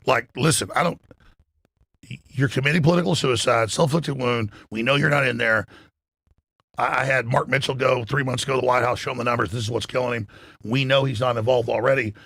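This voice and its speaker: A man's voice: medium pitch, fairly even intonation, fairly quick, gravelly, fairly bright tone, husky, dry recording, studio quality. A man hosting a talk radio show, delivering heated, emphatic political commentary full of profanity and stumbling restarts.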